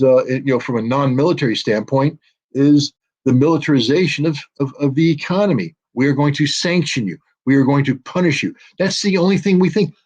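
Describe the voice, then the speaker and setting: On dull lo-fi audio, this middle-aged American guest speaks on the high side with a slightly mellow tone. In the political commentary interview he's emphatic and sardonic, mocking the officials he quotes.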